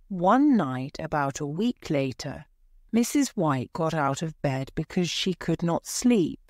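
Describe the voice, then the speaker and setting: Lady reading a story out slow and clear, low voice, dry close sound. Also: a little mellow, dry recording. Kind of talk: scripted story narration for English learners.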